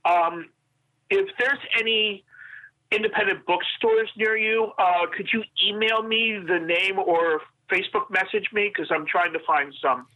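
A man's voice: high-pitched, a little slow. A man from Pennsylvania calling a talk show, speaking hesitantly with many fillers. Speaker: caller, author. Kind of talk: casual phone chat. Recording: muffled phone line.

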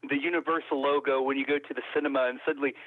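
A man's voice: mid-range voice, steady tone, very fast, no echo. A man co-hosting a casual chat, playful and teasing, rambling as he talks. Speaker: co-host. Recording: dull, muffled line.

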